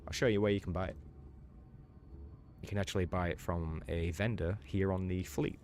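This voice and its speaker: Deep-voiced playful male game streamer. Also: fairly even intonation, moderate pace, a little mellow. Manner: playful, teasing, chatty. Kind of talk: casual live-stream commentary.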